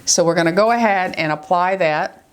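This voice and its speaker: A woman's voice: lowish voice, moderate pace, clean tone. An older woman from New York with a New York accent, giving a chatty, affectionate makeup tutorial and often checking in with her viewers. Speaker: beauty vlogger.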